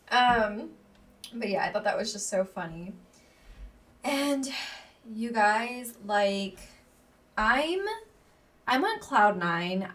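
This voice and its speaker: Bubbly girl chatting on her podcast, kinda high voice, mic a bit far away. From Texas. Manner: bubbly, gushing, filler-heavy. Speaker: podcast host. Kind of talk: casual solo podcast chat.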